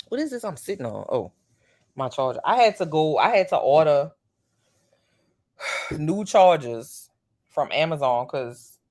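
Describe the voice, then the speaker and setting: Chatty slangy vlogger, big pitch swings. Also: darkish tone. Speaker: vlogger, parent. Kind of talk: casual chat to camera about TV shows.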